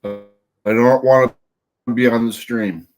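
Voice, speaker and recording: A man's voice: mid-range voice, fairly even intonation, a little slow, faint music behind. Dry-joking male panel co-host. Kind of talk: casual chat.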